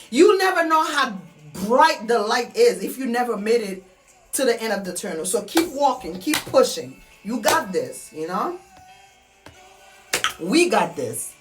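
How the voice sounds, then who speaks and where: Earnest woman with soft music behind. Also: on the high side. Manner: earnest, repetitive, heartfelt. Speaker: vlogger. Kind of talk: personal motivational monologue. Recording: soft music underneath, mic at a distance.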